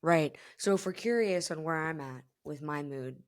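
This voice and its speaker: This is a woman from South Florida, just shy of thirty, chatting alone on her podcast. Her voice sits a little low, and she talks in a loose, candid, profane way, peppered with likes and you-knows. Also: normal speed. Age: late 20s. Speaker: podcast host. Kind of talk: casual solo podcast chat.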